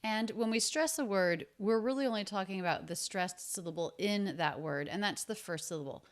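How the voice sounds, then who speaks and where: Woman teaching English pronunciation. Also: mid-range voice. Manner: slow and deliberate, repeats sounds to show them. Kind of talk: explaining pronunciation from a film clip.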